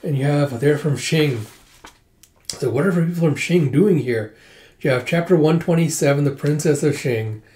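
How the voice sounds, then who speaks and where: A man's voice: on the high side, moderate pace, a little mellow, echoey room. A man hosting a casual comic readthrough, chatting and reading the lines aloud.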